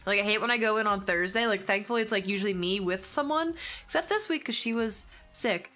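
Chatty woman streamer, bright voice. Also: mid-range voice, a little fast, faint music behind. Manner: chatty, swearing, laughing often, reads chat aloud. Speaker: gaming streamer. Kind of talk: casual stream chat with viewers.

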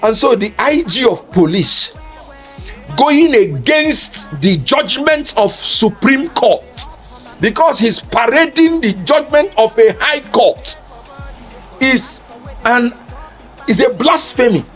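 A man's voice: extremely high pitch, animated, slow, fairly bright tone, soft background music. Emphatic man lecturing on law. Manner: emphatic, argumentative, lecturing with rhetorical questions. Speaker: legal commentator. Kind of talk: public speech on law.

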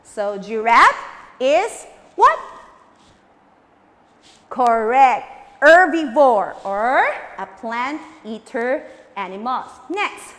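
A woman teacher leads a lesson for young children, drilling new words over and over and coaxing her class to repeat. Her voice sits high and swings widely in pitch, and she takes an unhurried pace. A long reverb trails behind her voice. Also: sing-song, fairly bright tone.

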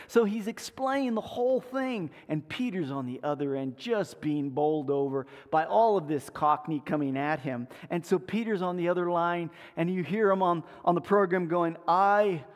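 High-voiced male preacher in echoey church. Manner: storytelling, playful and animated. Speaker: pastor. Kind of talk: sermon. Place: church sanctuary.

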